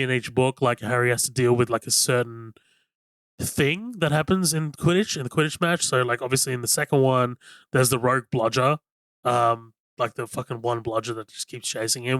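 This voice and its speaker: A man chats through a movie on a podcast, bubbling with enthusiasm and padding every thought with "like" and the odd curse. His voice is bright and forward. It is recorded dry on a close microphone. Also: mid-range voice, no room sound. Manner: rambling and enthusiastic, heavy on "like" and swearing. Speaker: podcast co-host. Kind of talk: casual film-review chat.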